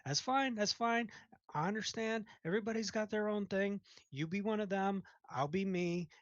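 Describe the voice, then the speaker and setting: A man's voice: medium pitch, moderate pace, no room sound, highs cut off, natural voice. A man voicing a brash, pushy male soup vendor at a carnival who talks bluntly and bossily. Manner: loud, blunt, bossy sales patter.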